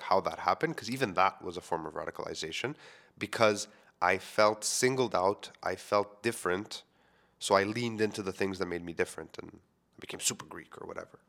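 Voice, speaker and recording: Podcast host, thirties, from Quebec; lowish, loose storyteller who rambles with fillers. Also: male voice, a bit bright. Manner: casual, rambling, many "like" fillers. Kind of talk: personal storytelling.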